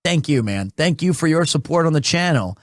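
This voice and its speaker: A man's voice: fairly high pitch, expressive, a little fast, no echo, studio quality. A young man streaming a game, chatting casually and rambling with lots of restarts. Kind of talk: casual live-stream chat.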